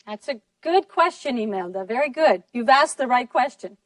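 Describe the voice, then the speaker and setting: A woman teaching a class, slowly and clearly modeling sentences and praising her students. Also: fairly high pitch, animated, dry recording, distant mic. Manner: slow, deliberate, encouraging, models sentences clearly. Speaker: English teacher. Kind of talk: classroom lesson in two languages.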